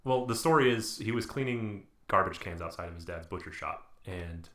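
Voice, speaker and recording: A man's voice: low voice, moderate pace, fairly bright tone, roomy sound. A man hosting a podcast, chatting casually about a movie in a rambling, joking way. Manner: rambling, jokey, slips into put-on voices. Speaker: podcast host. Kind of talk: casual movie-review chat.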